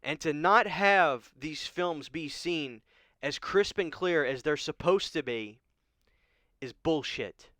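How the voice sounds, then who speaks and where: A man's voice: a little high, slow, pushed and bright, no room sound. A man hosting a horror vlog, giving an emotional, pleading rant and often asking "okay?". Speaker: horror channel host. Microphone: studio microphone.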